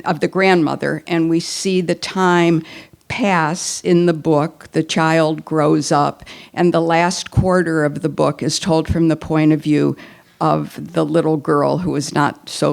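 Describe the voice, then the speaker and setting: A woman's voice: deep voice, gravelly, a little mellow. An older woman giving a live talk that recommends books, chatty and enthusiastic, with many fillers and restarts. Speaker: book recommendation speaker. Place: event hall at a breakfast gathering.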